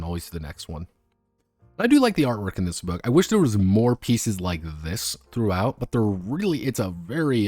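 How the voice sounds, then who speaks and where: Low-voiced man rambling casually. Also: a little mellow, no room sound. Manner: rambling, filler-heavy, casually profane. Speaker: streamer reviewing tabletop games. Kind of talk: casual unscripted commentary. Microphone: streaming microphone.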